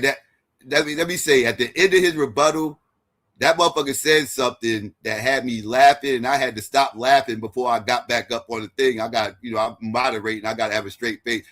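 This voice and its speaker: Here a debate-show host and moderator offers loose post-debate commentary, his voice medium in pitch with a fairly bright tone. The recap is profane and meandering, riddled with restarts and constant "right?" checks.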